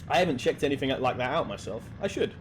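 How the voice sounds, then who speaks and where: Jokey excitable man playing a game. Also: medium pitch, noisy background. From Hackney, London. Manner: jokey, excitable, laughs often. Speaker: let's play gamer. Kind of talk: casual gameplay commentary. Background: game music.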